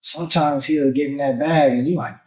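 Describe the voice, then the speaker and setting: A man appearing as a musician guest on a podcast, talking casually in animated street slang and swearing often. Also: fairly high pitch, a little fast, rough recording. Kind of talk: casual conversation.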